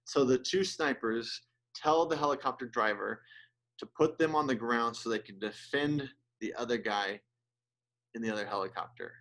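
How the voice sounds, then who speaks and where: A man's voice: mid-range voice, normal speed, a bit bright. A male pastor giving an earnest, conversational sermon, with restarts and asides, who gets emotional as he speaks.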